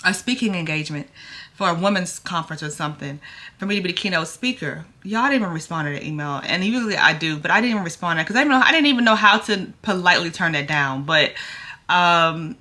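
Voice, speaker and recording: A woman's voice: fairly low pitch, animated, quick pace, bright, forceful tone. A woman in her thirties chatting casually to camera while getting ready, nervous and acting out both sides of a dialogue. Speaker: vlogger. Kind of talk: casual get-ready-with-me chat.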